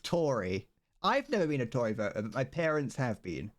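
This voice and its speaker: A British man talks casually on a livestream as he works on a model kit. He rambles, restarts his sentences, and laughs often. His pitch sits mid-range but swings widely and animatedly. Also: sing-song, brisk. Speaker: streamer.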